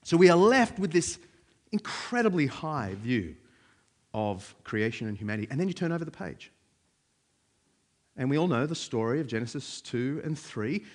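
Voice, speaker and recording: A man's voice: mid-range voice, very animated, normal speed. A man preaching a sermon in a conversational way, with frequent fillers.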